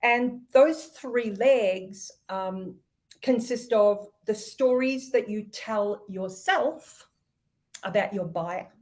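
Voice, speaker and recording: Slow-speaking Australian woman guest. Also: mid-range voice, darkish tone. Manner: thoughtful, measured, with ums and light laughs. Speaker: podcast guest, sales expert. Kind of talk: explanatory interview answers.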